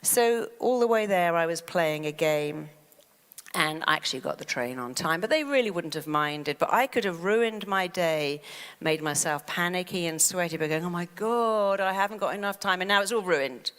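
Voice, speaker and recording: Woman, lively talk, reverberant hall. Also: sits low, moderate pace, clean tone. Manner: animated storyteller who acts out inner voices. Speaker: therapist and motivational speaker. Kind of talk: motivational talk to an audience.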